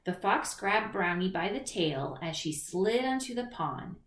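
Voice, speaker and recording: A woman reading a children's picture book aloud in an expressive storytelling manner, in a roomy recording. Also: medium pitch, unhurried. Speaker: storybook reader. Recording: roomy echo.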